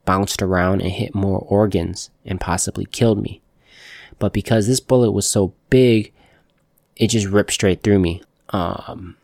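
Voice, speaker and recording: A young man telling the story of being shot, in halting casual speech with many fillers and restarts. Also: low-pitched, darkish tone, no echo, studio quality. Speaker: shooting survivor telling his story. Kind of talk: personal storytelling.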